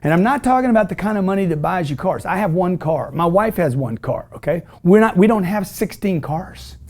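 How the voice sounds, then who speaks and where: A man's voice: high-pitched, lively intonation, fairly quick, a little mellow. A middle-aged man hosting a call-in show, preaching about money in a brash, emphatic, repetitive way. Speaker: show host. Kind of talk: motivational call-in show talk.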